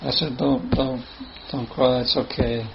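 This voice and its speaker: A man's voice: medium pitch, little pitch movement, creaky. A man telling a story in a loose, conversational way. He stops and starts, laughs now and then, and keeps a mid-range voice. The recording sounds a little muffled, with a faint hum of ambient noise behind him. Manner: casual, halting, with laughs and restarts. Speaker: spiritual teacher telling a story. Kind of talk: storytelling talk.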